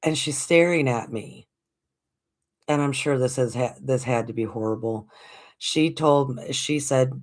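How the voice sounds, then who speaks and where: A woman in her forties tells a story in a relaxed, easygoing way. She talks slowly and acts out the voices of the people in her story. She laughs often as she goes. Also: rumbling low. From United States. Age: 40s. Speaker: livestream host. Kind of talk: casual storytelling.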